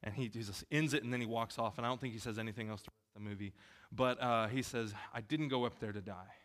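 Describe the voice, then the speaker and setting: Male preacher, casual and talky, bright tone, wanders into funny asides. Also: medium pitch, steady tone, fast. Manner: chatty, self-deprecating asides. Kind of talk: casual sermon. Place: church gym.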